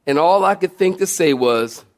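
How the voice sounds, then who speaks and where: A male pastor delivers a sermon in a high, lively voice. He tells stories with humor and animation and talks directly to the congregation. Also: moderate pace. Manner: southern-style "y'all" to congregation.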